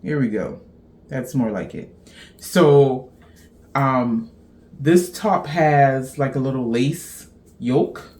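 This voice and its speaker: A woman's voice: a bass voice, expressive, slow, long pauses, darkish tone. A middle-aged woman from Central Texas, chatting casually as host of a knitting show, rambling and laughing at herself.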